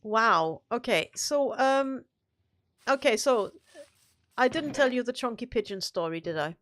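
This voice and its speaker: A woman's voice: fairly high pitch, lively intonation, unhurried, a bit bright, no room sound, clean studio sound. A woman co-hosting a gaming live stream, chatting casually and telling rambling, playful stories.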